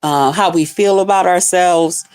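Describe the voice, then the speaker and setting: A woman's voice: lowish voice, unhurried, darkish tone, clean tone. A woman hosting a livestream, ranting bluntly and profanely at her chat in a casual, fired-up way. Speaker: livestream host.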